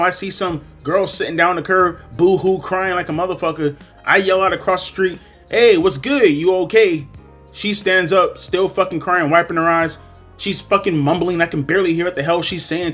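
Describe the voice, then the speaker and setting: A fairly high-voiced man rants bluntly and swears freely, his tone bright and forceful. He tells his story in a heated, conversational way, with faint music behind him. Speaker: commentary vlogger. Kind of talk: ranting commentary and storytelling.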